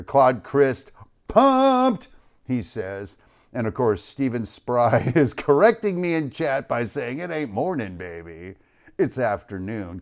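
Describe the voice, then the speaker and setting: A man hosting a live online show, talking in an energetic, playful way, calling out names from the chat and dropping low at the ends of lines. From United States. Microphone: studio mic.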